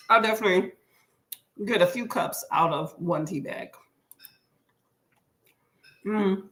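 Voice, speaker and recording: A woman with a lowish, fairly bright voice runs a reading-sprint livestream from home near the kitchen. She reads viewer comments out loud and responds in a folksy way, calling everyone y'all, in casual live chat. She's a bit stuffy and coughs briefly.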